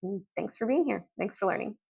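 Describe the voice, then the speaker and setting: A woman explaining reading lessons in an upbeat instructional video, sounding out letters and words slowly. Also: mid-range voice, expressive, gravelly, darkish tone, slightly rough. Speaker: literacy teacher.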